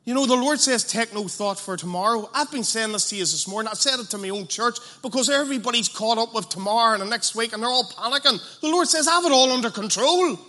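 A man preaching an evangelistic sermon, passionate and blunt, dropping to a hush and then rising loud, with colloquial asides. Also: very high-pitched, fast talker, hardly any pauses. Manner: passionate, swings from hushed to loud.

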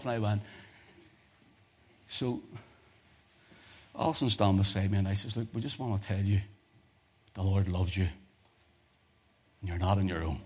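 Male preacher, low husky voice, animated sermon storytelling with loud and hushed swings. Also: normal speed, long pauses. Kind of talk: sermon with personal testimony stories.

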